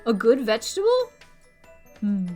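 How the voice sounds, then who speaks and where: Chatty young woman streaming over soft music. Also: wildly swooping pitch, measured pace. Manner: chatty, rambling, jumps to high squeaky pitch when quoting. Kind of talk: casual chat with stream viewers.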